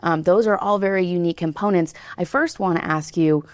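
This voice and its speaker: Low-voiced woman asking long questions. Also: fairly quick, no echo. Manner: long winding questions, frequent "right?". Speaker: interviewer. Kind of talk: interview questions. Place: interview studio.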